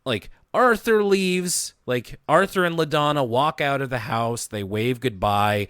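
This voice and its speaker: A man's voice: medium pitch, a little slow, fairly bright tone, clear, resonant tone, no room sound, studio quality. A man co-hosting a podcast, casually recapping a cartoon episode in detail. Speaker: podcast co-host.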